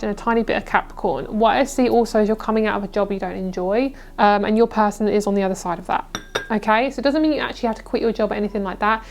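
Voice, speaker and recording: A young woman giving a casual, reassuring tarot reading, chatty and full of fillers. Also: medium pitch. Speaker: tarot reader.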